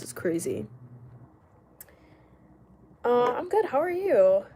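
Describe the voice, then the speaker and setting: A woman's voice: medium pitch, very animated, dark tone, a little hiss or hum. Chatty young woman reading live chat. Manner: chatty, quick retorts, frequent laughs. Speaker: livestreamer. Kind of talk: casual livestream chat reading comments. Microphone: camera mic while live streaming.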